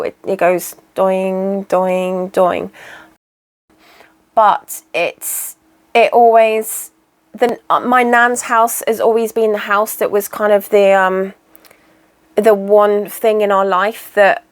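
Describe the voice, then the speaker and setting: A woman talking casually to camera, rambling with many fillers and restarts, who turns to high sing-song baby talk when she speaks to her pet goat. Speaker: craft vlogger. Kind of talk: casual chat.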